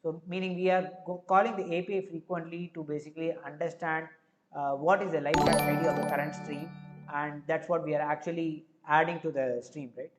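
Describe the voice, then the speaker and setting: Give me a man with an Indian accent walking through code step by step on a stream, his voice pitched a little high. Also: fairly even intonation, a little fast, over music. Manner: thinks aloud step by step, with frequent filler words. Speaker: live-coding streamer. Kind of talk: live coding tutorial.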